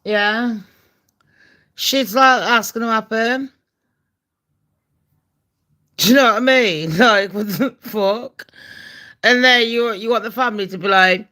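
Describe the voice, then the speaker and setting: Her voice is a little high, bright and forceful, and she goes slowly, pausing often. She's an English woman with a Birmingham accent hosting a laid-back live-stream chat for her channel, gossiping bluntly, cursing freely and putting on mock voices and accents.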